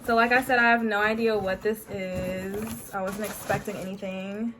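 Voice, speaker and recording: A woman's voice: mid-range voice, steady tone, moderate pace, very noisy. A young adult woman chatting casually in a home beauty vlog, bubbly and sprinkling her talk with playful catchphrases. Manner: bubbly, peppers talk with "honey" and "period". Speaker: beauty vlogger.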